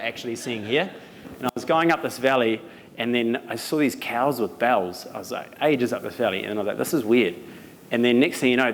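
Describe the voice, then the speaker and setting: New Zealand man telling stories in a hall. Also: medium pitch. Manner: animated, laughing as he tells stories. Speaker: speaker at a live talk. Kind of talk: storytelling talk. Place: event venue. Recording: reverberant hall, some noise.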